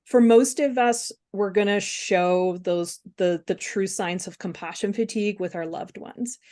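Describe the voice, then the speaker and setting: A woman speaking candidly as a webinar guest, halting with fillers and restarts. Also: mid-range voice, darkish tone. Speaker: guest speaker on compassion fatigue. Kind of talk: casual webinar conversation.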